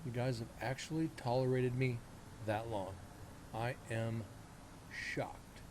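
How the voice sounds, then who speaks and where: Slow and medium-pitched, this forty-something host rambles through his live-streamed paranormal show. He addresses the chat directly with self-deprecating asides in a casual tone, and steady background noise runs underneath.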